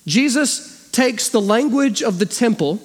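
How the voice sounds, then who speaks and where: High-voiced preaching man in a reverberant hall. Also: a little slow. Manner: animated, acts out quoted voices. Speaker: pastor. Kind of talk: sermon.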